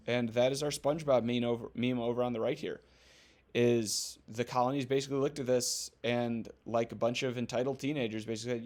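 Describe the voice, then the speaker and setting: A man's voice: medium pitch, fairly even intonation, a little fast, a little mellow. A man teaching a recorded history lesson in a loose, joking way, with many ums and playful asides. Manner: casual, joking, acts out quoted voices.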